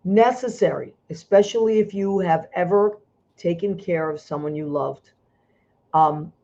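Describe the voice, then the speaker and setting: An Italian-American woman hosts a talk show over a video call, emotional and effusive, often restarting her sentences. Her voice is lowish, unhurried and warm, heard through dull lo-fi video call audio.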